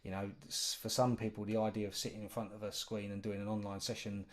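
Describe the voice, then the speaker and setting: A man's voice: lowish voice, level tone, quick pace. A man co-hosting a podcast in casual conversation, talking at length with lots of "you know" fillers. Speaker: podcast co-host.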